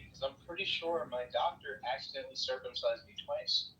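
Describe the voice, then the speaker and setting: A man's voice: medium pitch, animated, fairly quick, pushed and bright. A man in a casual political chat, joking with a wildly swooping delivery. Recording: roomy, distant mic with faint noise.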